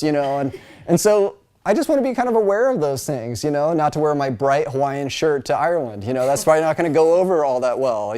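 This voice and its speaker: A middle-aged American man delivers a casual, chatty Bible college lecture in a dark-toned voice on the high side. He packs it with asides and fillers and sometimes imitates other people's voices.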